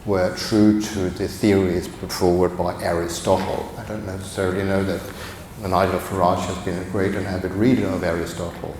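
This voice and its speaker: A man's voice: sits low, little pitch movement, moderate pace, darkish tone. A man giving a conference talk as a guest professor, conversational and digressive, with humorous asides. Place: large conference hall. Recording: echoey hall, faint background noise.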